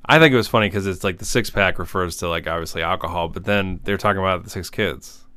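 Podcast co-host, man, dry deadpan delivery, smooth resonant low voice, close and dry sound. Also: fast talker, no room sound. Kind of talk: casual comedic chat.

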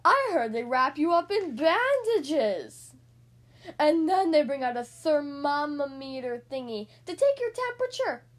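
A woman voicing an excitable young cat schoolkid in a storybook reading, talking loud and dramatic. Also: sits high, measured pace. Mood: alarmed.

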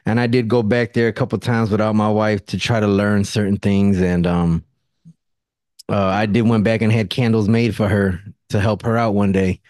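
A man hosting a podcast in casual chat, a lively storyteller who acts out what others said in a higher voice, with a relaxed, drawling way of talking. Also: normal speed, no room sound. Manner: animated storyteller acting out quotes in a higher voice; relaxed, drawling, says don't and nothing. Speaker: podcast host.

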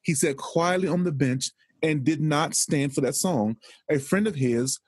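A man's voice: a little high, unhurried, slightly rough, no room sound, studio quality. A man making an emphatic case in conversation, building his points with rhetorical repetition. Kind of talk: conversational commentary.

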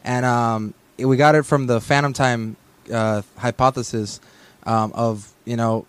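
A man's voice: mid-range voice, steady tone, measured pace, clear, resonant tone. A man in a casual radio interview, explaining his band's music at length with many ums and restarts. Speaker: band member.

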